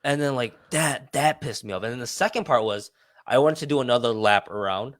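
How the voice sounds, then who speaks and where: A man's voice: mid-range voice, a little fast, fairly bright tone, dry recording, clean studio sound. Frustrated man telling a story, swearing. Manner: frustrated, swears, repeats himself. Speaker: podcast co-host. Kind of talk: casual storytelling.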